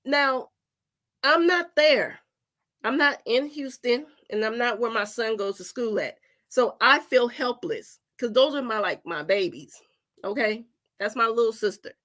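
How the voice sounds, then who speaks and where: Woman, host, casual commentary, emotional, animated, repeats herself, higher pitch. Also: unhurried. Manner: animated, repeats herself, apologizes, acts out relatives' voices.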